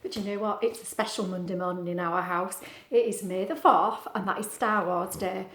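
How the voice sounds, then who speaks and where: A woman's voice: medium pitch, fairly even intonation, moderate pace, echoey room, heavy background noise. A woman, a teacher, reading a picture book aloud at home for children, chatty and asking them questions. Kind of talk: storybook read-aloud.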